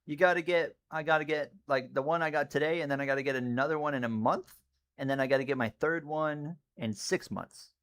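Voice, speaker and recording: A man with a voice on the high side, talking a little fast, rambles casually as he commentates his racing game live and talks with viewers. Close moments set off loud, excited yelling.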